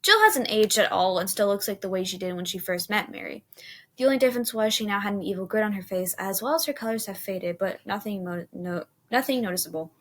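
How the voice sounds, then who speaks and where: A woman reading a horror story aloud in an unhurried way, with small restarts. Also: mid-range voice, lively intonation, a bit bright.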